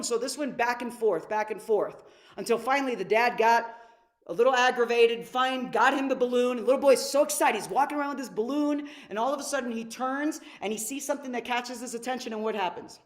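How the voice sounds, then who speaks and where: Energetic woman leading a live workshop. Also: a little high, brisk. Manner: energetic, asks the audience questions. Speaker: workshop leader. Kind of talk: live online teaching talk.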